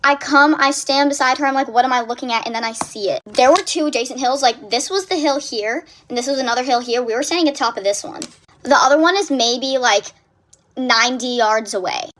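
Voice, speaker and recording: A young woman telling a story in a casual vlog, animated and breathless, packed with filler words. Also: sits high, a little fast, a little hiss or hum.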